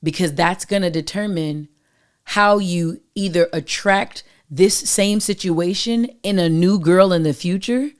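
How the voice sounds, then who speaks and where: A woman with a fairly low voice talks straight to her listeners. She gives love advice in a casual, emphatic monologue full of slang. She sounds like a show host speaking to her regular audience. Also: a little slow. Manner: emphatic, preachy, uses slang and direct address.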